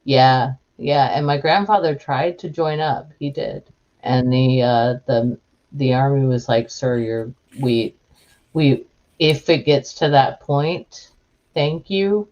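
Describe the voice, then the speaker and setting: A woman's voice: very deep voice, slow, darkish tone. A woman podcast host talking in casual chat, rambling with many restarts and fillers. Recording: muffled lo-fi audio.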